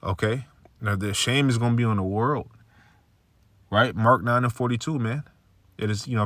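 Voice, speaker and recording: A man's voice: mid-range voice, moderate pace, long pauses, fairly bright tone. A man giving a casual spoken religious testimony, laid-back and peppering his talk with "man" and "okay". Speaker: religious video maker.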